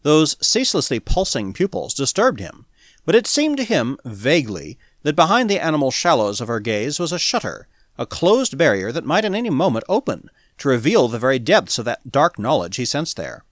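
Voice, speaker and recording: A man reads an audiobook aloud, telling the story in a measured yet expressive way. His voice sits in the middle range, and the recording is clean studio sound with no echo.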